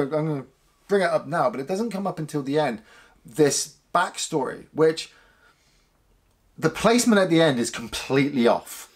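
A man co-hosting a casual film review podcast, animated and swearing freely. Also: husky. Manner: animated, swears casually, mimics lines in a high voice. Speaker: podcast co-host reviewing films.

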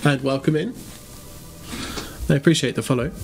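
A man's voice: mid-range voice, moderate pace, vocal fry, soft background music. Chatty, playful male streamer. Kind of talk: casual gameplay commentary.

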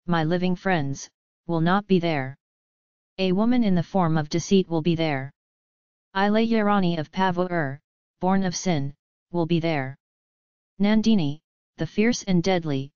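A woman's voice: lowish voice, a little mellow, clear, resonant tone, no room sound, highs cut off, lightly acted. A woman reading the part of a brooding young male prince in an audiobook, in an impassioned, bitter manner. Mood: anguished.

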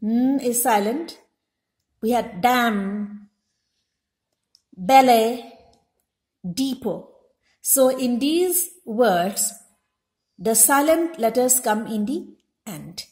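A woman teaching a class in a high, clear voice, taking her time and spelling out words letter by letter. Her slow, careful delivery rings in an echoey room. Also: expressive, a little mellow. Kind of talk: classroom lesson.

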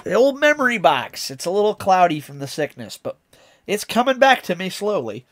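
A man's voice: sits high, very animated, moderate pace, fairly bright tone, slight background noise. A man streaming a casual reaction, chatty and enthusiastic as he explains lyrics.

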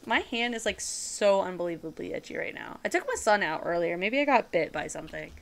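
This gaming streamer's voice sits on the low side, creaky and a bit bright, with a brisk, sing-song lilt. She chats casually with her audience and other players as she plays, giggling often and occasionally switching to a playful accent-like voice.

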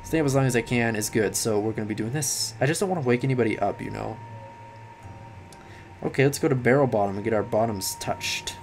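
A tired young man giving late-night game commentary, rambling, swearing and yelling at the game. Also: mid-range voice, fast talker, faint music behind. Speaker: gaming commentator.

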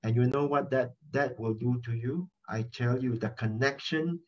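Middle-aged male pastor, husky voice, animated and repetitive, dull phone-line sound. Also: medium pitch, moderate pace. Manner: animated, repeats key phrases for emphasis. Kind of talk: conversational sermon over a prayer chatline.

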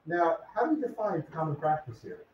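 Lively male professor in an echoey classroom. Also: on the high side, brisk, a little hiss or hum. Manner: lively, casual, calls on students by name. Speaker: law professor. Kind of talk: classroom lecture with questions to students. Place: lecture classroom. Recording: distant, echoey, dull classroom recording.

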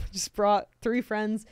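An eager, enthusiastic woman co-host in casual podcast chat who laughs easily. Her voice is smooth and clear at an ordinary pitch, with a dry, close sound and no room echo. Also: flat delivery, extremely slow.

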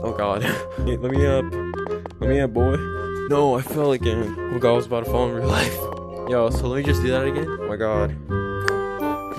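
A man's voice: mid-range voice, moderate pace, long pauses, over loud music. A man giving gameplay commentary as a gaming YouTuber, jumpy and prone to yelps and screams when startled.

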